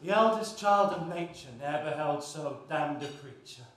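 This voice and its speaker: A tormented young man, played by a man speaks his lines with earnest intensity in a live stage play. His voice sits a little high, and the hall adds a roomy echo. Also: lively intonation, moderate pace, a bit bright. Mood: brooding. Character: brooding young man torn by lust. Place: university theatre stage. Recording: echoey stage with faint noise.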